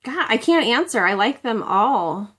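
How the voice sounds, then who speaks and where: A woman's voice: a little high, very animated, measured pace, a bit bright. Chatty woman vlogging from home. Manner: chatty, rambling, self-deprecating. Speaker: beauty vlogger. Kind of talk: casual chat to camera.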